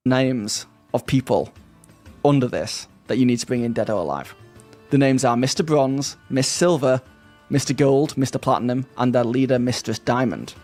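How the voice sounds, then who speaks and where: A man narrating a tabletop game as game master, relaxed, with some fillers. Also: mid-range voice, moderate pace, faint music behind.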